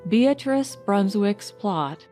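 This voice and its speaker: Slow-reading woman audiobook narrator. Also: mid-range voice, lively intonation, dark tone, faint music behind. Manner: measured, unhurried reading. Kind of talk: scripted narration.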